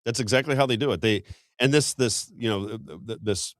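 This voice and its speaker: Fast, heated male talk-show host. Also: on the low side, no room sound, studio quality. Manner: heated, rapid, with stumbles and repeated restarts. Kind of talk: political commentary.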